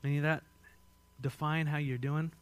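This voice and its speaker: A man with an American accent preaching a sermon as pastor, swinging between loud emphatic lines and hushed ones and asking the congregation questions. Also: fairly high pitch, little pitch movement, moderate pace, clean tone. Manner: asks the congregation direct questions.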